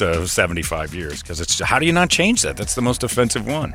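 A man's voice: lowish voice, big pitch swings, fairly quick, pushed and bright, soft background music, some chatter behind. A man bantering as co-host in a casual podcast chat, joking and sarcastic.

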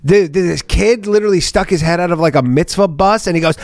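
A young man co-hosting a podcast, trading wry, deadpan jokes in casual chat. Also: high-pitched, a little fast, few pauses. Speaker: podcast co-host.

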